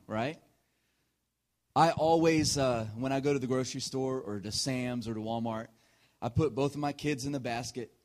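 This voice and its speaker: A man in his thirties preaches with an easy, storytelling warmth of delivery, laughing through his own anecdotes. He drops to near-whispered asides, then bursts out loud for the punchline. His voice sits at an ordinary middle pitch for a man. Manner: animated storyteller, often laughing mid-sentence; swings between hushed asides and loud punchlines. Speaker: pastor. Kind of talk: sermon with personal story.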